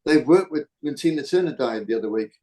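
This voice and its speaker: A man's voice: mid-range voice, expressive, fast talker, warm tone. A man from the UK hosting a podcast, chatting casually and rambling with frequent restarts. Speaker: podcast host. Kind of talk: casual chat.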